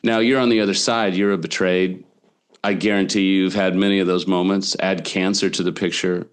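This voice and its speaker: Deep, smooth-voiced casual male podcast host. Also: level tone, moderate pace. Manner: casual, emphatic, says "dude". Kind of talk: casual interview talk.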